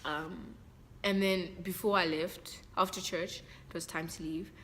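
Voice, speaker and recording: A woman's voice: on the low side, fairly even intonation, unhurried, fairly bright tone, a little hiss or hum. Heartfelt South African young woman vlogging. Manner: heartfelt and chatty, repeats herself, talks straight to viewers. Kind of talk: casual vlog talk to camera.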